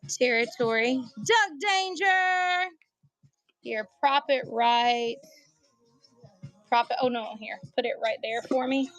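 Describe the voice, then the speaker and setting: Woman, country accent, livestream seller, jokey and chatty with viewers, high voice. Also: flat delivery, a little slow, dry recording, faint music behind. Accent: American country. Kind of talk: casual live sales chat.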